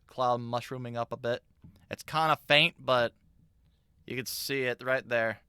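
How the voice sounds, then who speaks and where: A man's voice: medium pitch, fairly even intonation, a little slow, bright, forceful tone, clear, resonant tone, dry recording. A man in his thirties hosting a live stream, chatting loosely and reacting with profane asides. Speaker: streamer host.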